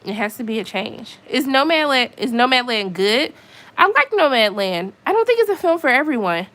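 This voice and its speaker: Woman, higher pitch, casual live-stream vlogger at home, exasperated venting. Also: very animated, moderate pace, a bit bright. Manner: venting, exasperated, chatty with asides. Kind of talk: casual chat to viewers. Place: her apartment at home.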